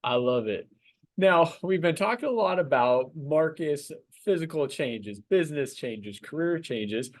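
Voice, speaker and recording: A man's voice: a little high, expressive, measured pace. A man hosting a podcast interview, reflective and encouraging, with hesitant fillers. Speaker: podcast host. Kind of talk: casual interview chat.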